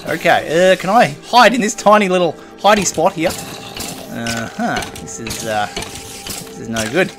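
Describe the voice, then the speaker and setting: Guy playing a game, talks to the mobs, kinda high voice, bit of music under it. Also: animated, slow pace, long pauses. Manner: chatty, playful, talks to creatures in game. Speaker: gaming video host. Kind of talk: casual gameplay commentary.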